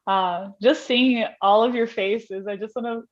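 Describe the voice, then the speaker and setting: A woman hosts a casual panel discussion over a video call, welcoming guests one by one. Her voice sits a little high, and the call audio is dull and lo-fi. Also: fairly even intonation, unhurried. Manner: warm, welcoming, a little emotional. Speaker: panel host.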